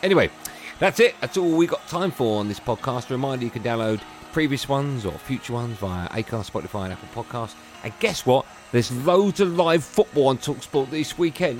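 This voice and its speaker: A man's voice: mid-range voice, expressive, brisk, faint music behind. A man hosting a sports radio show, chatty and jokey. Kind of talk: casual radio chat.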